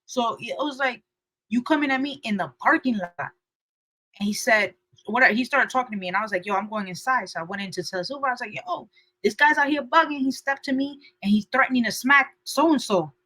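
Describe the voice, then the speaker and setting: A young woman co-hosting a podcast, telling a story in animated casual chat and acting out the people she quotes. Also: a little fast, no echo, rough recording. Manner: lively, acts out quotes with shifting pitch and loudness. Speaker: podcast co-host.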